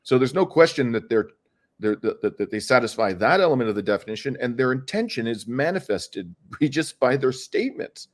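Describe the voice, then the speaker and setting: A man's voice: mid-range voice, sing-song, a little fast. A middle-aged man, a lawyer and activist, giving an earnest interview answer, arguing with frequent hesitations and restarts.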